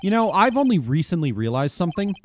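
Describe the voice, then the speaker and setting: A man's voice: sits high, big pitch swings, fast talker, a little mellow. Playful, jokey male streamer. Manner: playful, jokey, laughs often. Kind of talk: casual let's-play banter.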